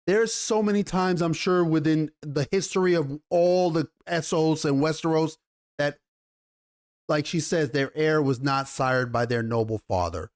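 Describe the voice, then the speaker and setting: A man giving a casual, animated TV episode review in slangy talk, often repeating himself. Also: a little high, moderate pace, clean tone. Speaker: TV show reviewer.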